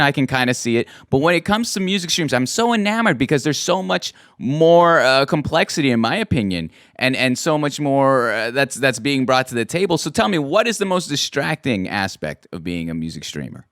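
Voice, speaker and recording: A male podcast host with an animated, swinging delivery who asks questions with enthusiasm and often says things twice. His voice is close and dry, with no room around it. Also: medium pitch, a little fast, hardly any pauses, dry recording. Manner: enthusiastic, repeats phrases. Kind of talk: interview chat.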